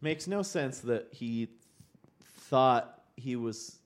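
A man's voice: mid-range voice, lively intonation, very slow. A man co-hosting a casual podcast, joking and bantering with the others. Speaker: podcast co-host. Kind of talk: casual chat.

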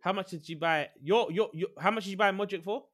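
A man in a casual podcast debate, excitable and pleading, talking over the others. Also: high voice, quick pace. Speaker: podcast panelist, Liverpool fan.

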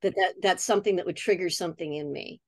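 A woman in her sixties speaks in a fairly low voice as a podcast guest. She talks earnestly and reflectively, in a relaxed, casual manner. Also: quick pace, no room sound. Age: 60s. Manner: earnest and reflective, acts out remembered dialogue. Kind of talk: casual conversation.

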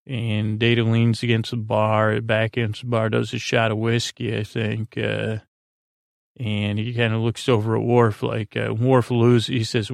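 A man's voice: mid-range voice, little pitch movement, moderate pace, vocal fry, no room sound, clean studio sound. A man hosting a podcast, casually recapping an episode with many fillers and quoting characters in his own voice. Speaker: podcast host.

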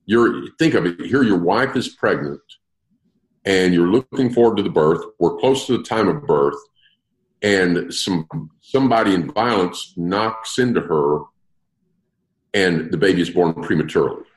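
A man's voice: deep voice, normal speed, reverberant, rough recording. A man leading an interactive Bible study, explaining verses and putting questions to his group. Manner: lively, asks the group questions. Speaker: Bible teacher.

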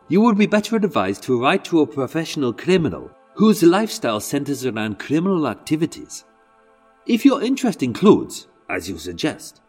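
A man's voice: a little high, darkish tone, slightly rough, full character voice. A man doing a put-on Welsh letter reader.

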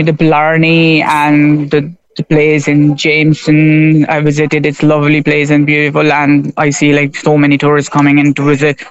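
A man from Pakistan, a friendly, halting interview guest who laughs often. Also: a little high, clean tone, dry recording, muffled recording. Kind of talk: casual interview chat.

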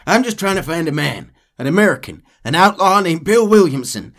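A man's voice: on the high side, expressive, a little fast, fairly bright tone, voice pushed up. A man voicing a terse, stubborn gunslinger in his own voice while reading a game's dialogue aloud. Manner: plain read, no accent.

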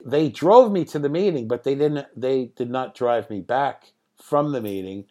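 A man in his sixties, a guest in an interview, telling anecdotes from home in a lively way, often laughing and swearing. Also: mid-range voice, moderate pace. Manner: animated, laughing, profane.

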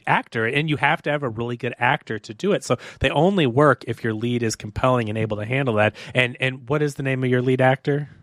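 A man's voice: medium pitch, quick pace, hardly any pauses, a bit bright, dry recording, clean studio sound. A man hosting a podcast interview, talking in long rambling stretches with frequent restarts. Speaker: podcast host.

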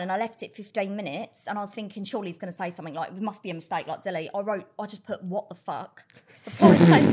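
A woman's voice: medium pitch, a little mellow, husky. A woman chatting casually on a podcast, telling blunt, laughing stories. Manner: chatty, swearing, laughing storyteller. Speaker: podcast guest. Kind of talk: casual chat.

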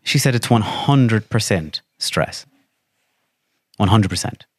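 A man with an Irish accent, a podcast guest telling stories in lively, profane casual chat and acting out what people said. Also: lowish voice, slow pace, breathy edge, dry recording, studio quality. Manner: animated, swears freely, acts out quotes.

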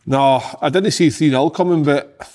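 A man on a football panel, talking through the game in a measured, analytical way. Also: fairly high pitch, a little mellow. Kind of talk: casual chat.

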